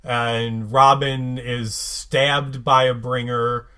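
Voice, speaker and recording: A man co-hosting a podcast, recapping an episode in casual chat, halting with many fillers and restarts. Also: medium pitch, flat delivery, over a noisy crowd.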